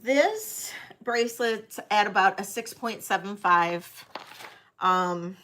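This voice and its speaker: A woman hosting a live online sale, chatting casually as she auctions vintage jewelry, with frequent ums and pauses. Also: medium pitch, a bit bright. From United States.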